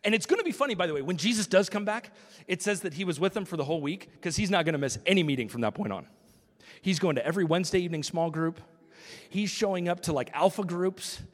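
A man's voice: sits high, animated, fast, big-room sound. A man preaching a sermon as pastor, acting out quotes and dropping to a whisper for emphasis.

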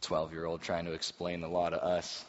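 A man preaching a sermon as a pastor, animated and musing aloud about the scenes he describes. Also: deep voice, moderate pace. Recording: muffled reverberant hall recording.

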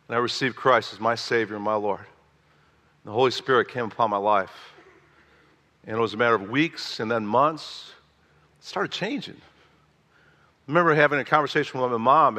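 A man in his sixties preaching a sermon in a church, reading scripture and telling stories with animated emphasis that rises on key phrases. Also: mid-range voice. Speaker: pastor. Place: church sanctuary. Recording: long echoing church hall reverb.

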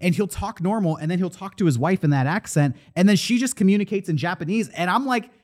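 A man on a casual podcast whose high voice swoops through a wide range as he rants. He talks with animated, profane energy and drops into put-on voices to imitate people he describes. The delivery is loose, like a chat among friends. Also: fast. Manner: animated, profane, mimics voices while retelling. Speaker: podcast co-host.

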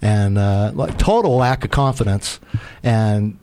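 A man's voice: on the low side, lively intonation, unhurried. Rambling man telling a sailing story. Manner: rambling, self-mocking, acts out quoted shouts. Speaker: sailor telling a sea story. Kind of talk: casual storytelling.

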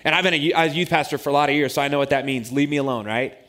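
Animated, self-mocking male pastor. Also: a little high, racing. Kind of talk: humorous sermon storytelling.

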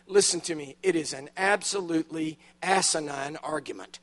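A high-pitched man delivering a sermon in a church. He tells funny stories with timed punchlines and leans hard on the key words. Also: moderate pace, fairly bright tone. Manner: storytelling with dramatic punchlines, emphatic rises. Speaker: preacher. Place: church auditorium.

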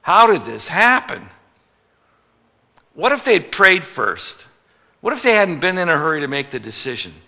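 With a pushed, bright voice on the high side, a man preaches as pastor at a normal speed, using big pitch swings and long pauses. He jokes with the congregation and acts out little voices for those he quotes, all echoing with a large hall's long reverb.

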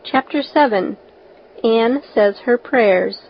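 A woman reading a classic novel aloud as audiobook narrator, in a measured, unhurried way. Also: on the high side, breathy edge. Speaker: audiobook reader. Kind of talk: scripted narration. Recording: dull lo-fi recording.

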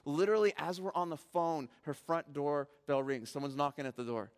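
A man's voice: a little high, brisk, clean tone. A male pastor preaching a sermon in a church, telling stories with animation and putting earnest, direct questions to the congregation. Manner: animated storytelling, rising to near shouting at emotional peaks. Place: church sanctuary.

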